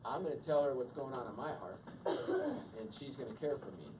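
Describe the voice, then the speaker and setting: A man's voice: medium pitch, animated, brisk. Man teaching a couples' class, heard from afar. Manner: conversational, quizzes the audience. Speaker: marriage workshop speaker. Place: meeting room with an audience. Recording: distant mic with background noise.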